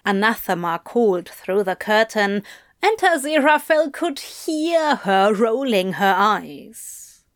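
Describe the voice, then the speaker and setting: A woman reading a story aloud in a soft, intimate narration. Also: mid-range voice, big pitch swings, takes it slowly, dry recording, studio quality. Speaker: reader.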